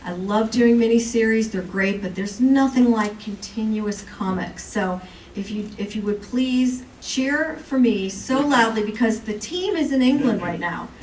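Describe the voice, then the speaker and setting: A woman's voice: on the high side, measured pace. A woman presenting and joking with the audience on a convention panel, recorded from the crowd. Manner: lively, joking, chatty with the audience. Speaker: comics editor presenting on a panel. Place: large convention hall. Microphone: recorded from the audience by a far camera. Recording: echoey hall from far off, faint noise.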